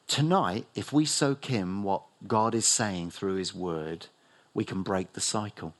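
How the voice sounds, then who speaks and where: A middle-aged New man preaching a sermon as pastor, rising loud and high for emphasis and dropping low and soft. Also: slow pace. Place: church hall.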